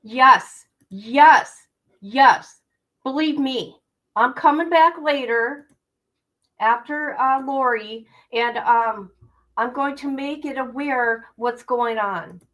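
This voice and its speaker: A woman's voice: high-pitched, slow pace, fairly bright tone, rough recording. A woman hosting a true-crime livestream, talking indignantly and directly to her viewers. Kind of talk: heated livestream commentary.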